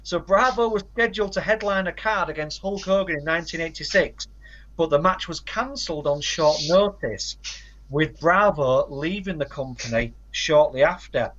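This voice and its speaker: A man with a somewhat high voice co-hosts a casual podcast chat, rattling off facts and titles and slipping in dry asides. The audio is dull and lo-fi. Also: normal speed, a bit bright. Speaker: podcast co-host.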